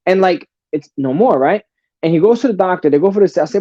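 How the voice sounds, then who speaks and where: Blunt, profane male guest, swears freely, mellow tone, dry close sound. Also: fairly high pitch, animated, fast talker, dry recording, highs cut off. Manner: blunt and profane, calls the host brother. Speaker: podcast guest. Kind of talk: casual storytelling.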